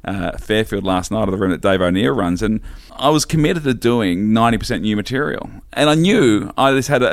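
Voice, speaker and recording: Rambling Australian comedian with a low voice. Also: male voice, gravelly, no room sound, studio quality. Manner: rambling, self-deprecating, many restarts. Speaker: stand-up comedian guest. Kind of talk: casual storytelling chat.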